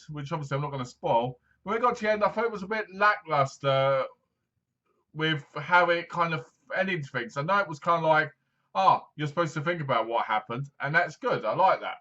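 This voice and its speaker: A man's voice: high-pitched, pushed and bright, dull audio. A man giving a casual, rambling movie review, full of fillers. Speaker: film reviewer.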